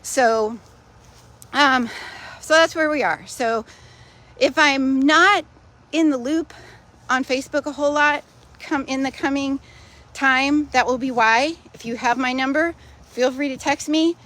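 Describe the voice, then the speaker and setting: A woman's voice: sits high, measured pace, long pauses, fairly bright tone. A woman recording a casual personal video update, telling her story in a chatty, matter-of-fact way with wry humor. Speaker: vlogger sharing personal news.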